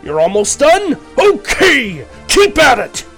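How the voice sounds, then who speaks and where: A man's voice: very high-pitched, huge pitch swings, slow, fairly bright tone, faint music behind, voice pushed up, heavily acted. A man voicing a motherly village woman from a video game, calling out in a raised voice.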